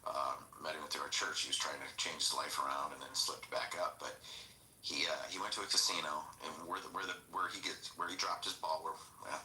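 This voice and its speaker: Low male voice, sharp and forceful, echoey room: a rambling, animated podcast storyteller. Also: brisk. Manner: rambling, animated storytelling with crude quoted dialogue. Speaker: podcast host. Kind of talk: casual storytelling chat. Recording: roomy echo, faint background noise.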